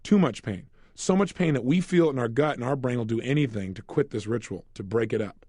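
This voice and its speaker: A man leading a self-help audio program, talking in an energetic, emphatic way and asking the listener rhetorical questions. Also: medium pitch, fairly quick, dry recording, studio quality. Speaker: motivational speaker.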